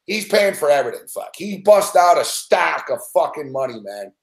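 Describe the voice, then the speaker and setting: A middle-aged man spins a rambling story in casual chat, swearing every few words. His voice sits a little high for a man. The room around him rings with a noticeable echo. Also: very animated, moderate pace, creaky. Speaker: sports betting show regular. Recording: roomy echo.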